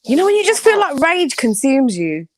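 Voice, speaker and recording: A woman's voice: high-pitched, very animated, normal speed, no room sound. A woman co-hosting a livestream, talking candidly and rambling in casual chat. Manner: candid, rambling, laughs often. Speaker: livestream co-host.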